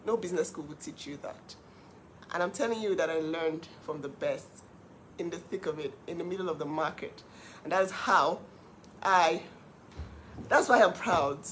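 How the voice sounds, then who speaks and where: A middle-aged woman hosting her own live stream, telling her story with animated emphasis. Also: fairly low pitch, moderate pace, pauses often, a little hiss or hum. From Nigeria. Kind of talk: casual live-stream monologue.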